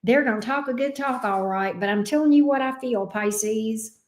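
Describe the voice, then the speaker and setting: A woman's voice: fairly high pitch, normal speed, reverberant. A woman giving a casual tarot reading, talking bluntly, swearing freely and getting worked up. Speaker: tarot reader.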